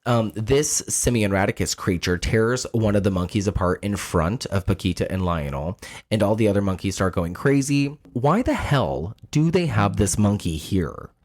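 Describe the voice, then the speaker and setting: A man co-hosting a relaxed podcast, with a lowish voice that swings up and down a lot as he talks. He speaks in an animated, profane way and keeps slipping into character voices. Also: normal speed. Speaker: podcast co-host. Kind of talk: casual chat.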